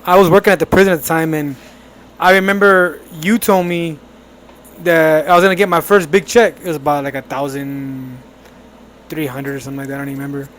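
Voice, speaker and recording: A young man co-hosting a podcast, telling a family story in casual, animated chat with laughs. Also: on the high side, brisk, slight background noise. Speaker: podcast co-host.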